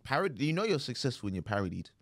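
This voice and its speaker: A man's voice: mid-range voice, big pitch swings, rapid-fire, no echo, clean studio sound. A man co-hosting a podcast, talking in a thoughtful, hedging casual chat with many fillers. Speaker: podcast co-host.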